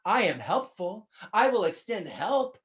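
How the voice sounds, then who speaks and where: Blunt, chatty minister preaching; plain middle pitch, muffled low-fi recording. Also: sing-song, measured pace. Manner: candid, blunt, swears casually; conversational, addresses listeners directly. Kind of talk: sermon.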